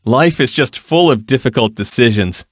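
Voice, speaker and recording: A man voicing a young nobleman in a fantasy audiobook, a breezy dandy who speaks in a wry, lightly ironic way. The voice sits a little higher than the reader's own, in a close, dry recording. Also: expressive, normal speed, no echo, lightly acted. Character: young male nobleman, casual witty dandy.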